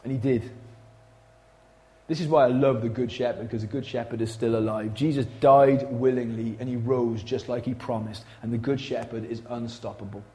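A man preaching a sermon in a church, conversational and animated, swinging from loud to hushed. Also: medium pitch, moderate pace. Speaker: pastor.

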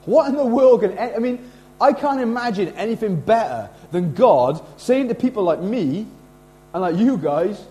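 A middle-aged man preaching a sermon in a casual, animated way, slipping into acted quotes. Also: high voice, moderate pace, low-quality recording. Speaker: pastor.

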